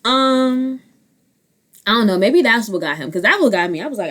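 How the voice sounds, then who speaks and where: A young woman in her twenties riffing on a reality show straight into her own mic. She talks bluntly and swears freely. Her voice leaps from loud, animated bursts to soft, muttered asides. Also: fairly high pitch, normal speed. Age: 20s. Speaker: vlogger. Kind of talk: casual reality show commentary. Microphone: own handheld mic.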